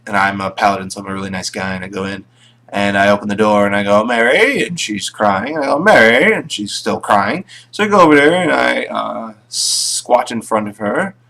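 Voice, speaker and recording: A man's voice: on the low side, a little fast, gravelly, fairly bright tone. A man casually recapping his tabletop game sessions, rambling with plenty of fillers. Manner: rambling, full of fillers and restarts.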